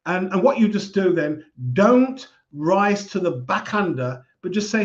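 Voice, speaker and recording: A man giving calm, measured advice in a casual talk. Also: sits high, muffled recording. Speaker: speaker giving life advice.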